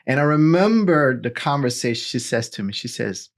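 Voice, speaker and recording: A man in his forties, a pastor, telling his personal testimony in a lively storytelling way, full of "you know" and "right?". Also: mid-range voice, moderate pace. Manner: animated storytelling with filler words.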